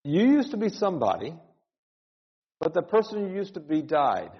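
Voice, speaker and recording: A man's voice: a little high, big pitch swings, moderate pace. A male pastor preaching an earnest, urgent sermon, often repeating words and rising into cries. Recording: dull sound with long hall reverb.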